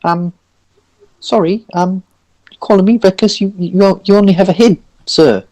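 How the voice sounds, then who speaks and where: A man's voice: high voice, moderate pace, darkish tone, pitched above the performer's own voice, lightly acted. A man voicing a shy, newly awakened male rock golem who stammers and apologizes. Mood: timidly indignant.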